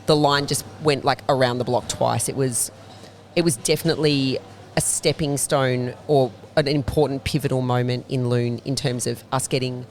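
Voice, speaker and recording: A woman's voice: rumbling low, fairly even intonation, normal speed, a little hiss or hum. A woman, a bakery founder, telling fluent, detailed stories as a guest in a casual interview inside her bakery. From Australia.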